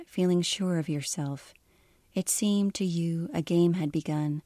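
A woman author reading aloud from her own literary fiction in a measured, even storytelling manner. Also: lowish voice, gravelly, no room sound.

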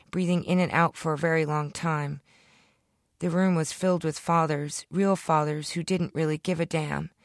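A woman reading her own satirical short story aloud in a deadpan manner, lifting into the characters' lines. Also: deep voice, no room sound, studio quality.

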